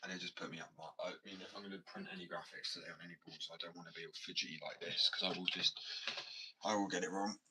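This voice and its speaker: Speaking low and quickly in a steady tone, this man makes skateboards and chats loosely in a meandering workshop vlog. He swears a lot and comes across as restless. Faint noise sits behind his voice, captured from a distant microphone.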